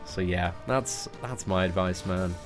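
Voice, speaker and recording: A man's voice: low voice, measured pace, music in the background. Chatty young British man streaming. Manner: chatty, frequent "man" and "you know". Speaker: livestream host. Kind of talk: casual stream chat, answering viewers.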